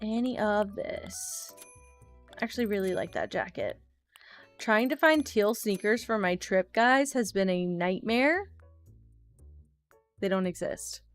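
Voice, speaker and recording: A woman's voice: mid-range voice, very animated, unhurried, pauses often, faint music behind. A woman streamer chatting casually with her chat while playing a game, laughing and apologizing often.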